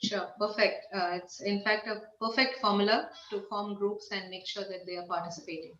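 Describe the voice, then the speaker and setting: A woman's voice: medium pitch, fairly even intonation, normal speed, a bit bright, roomy sound, lo-fi sound, a little hiss or hum. A woman moderating a panel, asking questions in a friendly, hesitant way with many fillers.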